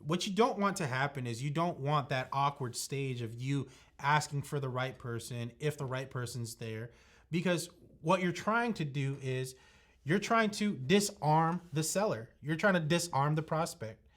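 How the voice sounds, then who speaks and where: A man's voice: fairly high pitch, moderate pace. Man in his thirties coaching emphatically. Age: 30s. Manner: emphatic, lists points step by step. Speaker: sales trainer. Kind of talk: coaching talk.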